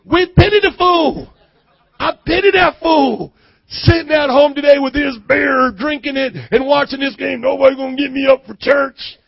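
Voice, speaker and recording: A man voicing a lazy, loud man who skips church for beer, shouting and mocking. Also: extremely high pitch, lively intonation, unhurried, gravelly, lo-fi sound, voice pushed up, heavily acted. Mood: mocking bluster.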